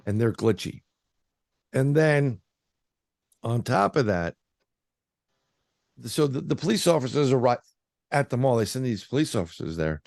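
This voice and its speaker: A man's voice: medium pitch, animated, normal speed, long pauses, a little mellow, no echo, clean studio sound. A man being interviewed as a paranormal researcher, telling a story in a casual, rambling way with lots of fillers and restarts.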